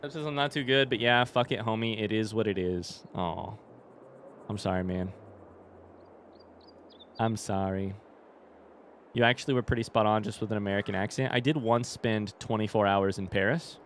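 A man's voice: lowish voice, normal speed, pauses often, slight background noise. A young man chatting casually with his live chat while playing a farming game, swearing now and then. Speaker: streamer. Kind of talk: casual live-stream gaming commentary.

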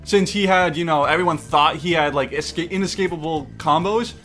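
A young man reacting to memes in casual commentary, excitable and mock-exasperated, swearing and laughing often. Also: a little high, a little fast. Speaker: YouTube meme reactor. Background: faint background music.

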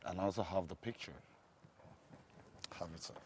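A deferential Nigerian blogger, played by a man with a lowish voice, politely reporting to his boss. Faint noise sits behind him. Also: normal speed, darkish tone, close to an everyday voice. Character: deferential male blogger, informant.

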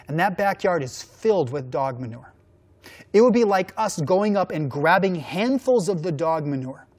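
A middle-aged man, a youth minister, preaching a sermon with earnest storytelling that drops low and slow for emphasis. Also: a little mellow.

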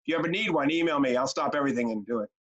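A man's voice: mid-range voice, rapid-fire. A middle-aged man leading a training webinar, telling stories and chanting short rhymes with lots of energy. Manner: animated, chanting rhymes, storytelling. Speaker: youth care trainer. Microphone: video call. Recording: dull lo-fi webinar audio.

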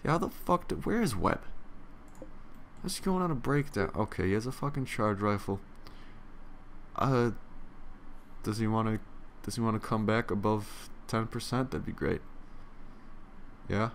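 A man's voice: on the low side, animated, normal speed, pauses often, a little hiss or hum. A young man giving casual gameplay commentary, profane, sarcastic and tired, grumbling at the game. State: yawning, tired. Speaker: let's play commentator.

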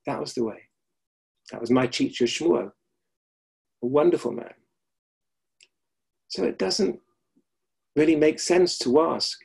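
A middle-aged man with a gravelly, slightly husky voice teaches over a video call. He speaks reflectively and often repeats a key phrase for emphasis. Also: mid-range voice, darkish tone. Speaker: Alexander Technique teacher. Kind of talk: webinar lecture with anecdotes.

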